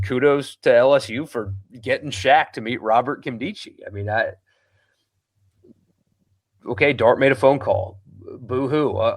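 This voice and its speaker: A man hosting a sports talk show, reading listener comments aloud and answering them bluntly, with a lot of ums and restarts. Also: mid-range voice. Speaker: sports radio host.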